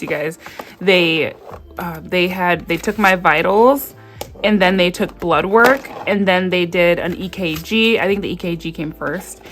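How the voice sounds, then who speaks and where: A woman vlogger telling a personal story in a casual, animated way, acting out what people said and laughing often. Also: lowish voice. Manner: animated storytelling with frequent laughs and acted-out quotes.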